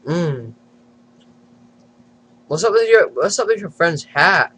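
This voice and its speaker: A man's voice: fairly high pitch, expressive, slow, a bit bright, slight background noise. A man hosting a casual prank video chat, giggling and teasing strangers on camera. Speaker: channel host.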